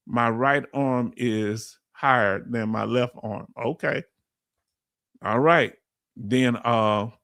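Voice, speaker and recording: A man's voice: mid-range voice, a bit bright, no room sound, clean studio sound. A man with a Southern US accent hosting a casual livestream, reading out viewer comments and explaining things in loose, chatty speech. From Southern United States. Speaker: livestream host.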